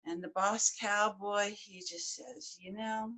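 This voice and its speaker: A woman's voice: medium pitch, steady tone, slow pace, sharp tone. A woman from the United States telling a folk tale to a live audience in a folksy, rambling way, repeating words as she goes. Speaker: storyteller. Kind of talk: live oral storytelling.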